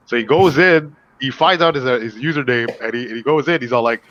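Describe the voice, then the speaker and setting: A man's voice: medium pitch, a bit bright, muffled recording. A man telling a story in a casual chat, laughing often and acting out the people in it. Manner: rapid, laughing, acts out quoted people. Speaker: podcast co-host.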